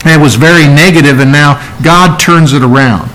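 A man's voice: fairly high pitch, fairly quick, hardly any pauses, fairly bright tone, poor audio. A man preaching a sermon, teaching earnestly and stressing key phrases by repeating them. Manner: earnest, emphatic teaching with repetition. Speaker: pastor.

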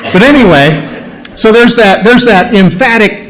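Male pastor, high voice, casual Bible-teaching sermon, rhetorical questions. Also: lively intonation, unhurried, fairly bright tone, low-quality recording.

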